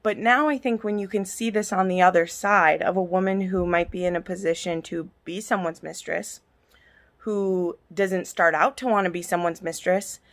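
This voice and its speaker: A woman in a casual vlog rant, heated and passionate, swearing freely as she reviews a book. Her voice sits in a middle register. She sounds irritable, as someone on pain medication. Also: medium pitch.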